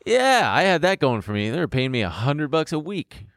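A man's voice: on the high side, sing-song, moderate pace, no echo, studio quality. A young adult man on a podcast, telling a personal story in a rambling way, swearing and laughing as he goes. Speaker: podcast co-host. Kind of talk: casual storytelling chat.

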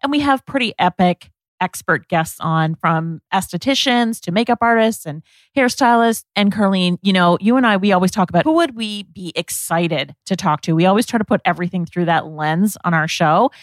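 A woman's voice: lowish voice, moderate pace, no echo. A woman co-hosting a beauty podcast, chatting enthusiastically in a casual way. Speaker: podcast co-host.

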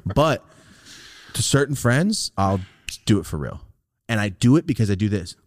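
A man co-hosting a podcast, telling stories in a casual, profane, animated way, jumping into loud high-pitched outbursts when he quotes people. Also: normal speed, no echo. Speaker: podcast co-host.

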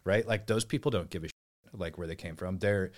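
Guy, lowish voice, blunt and casual, swears a lot, former soldier guest. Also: brisk. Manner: blunt, swears, trails off and restarts. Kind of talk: casual conversation. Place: small room in a house.

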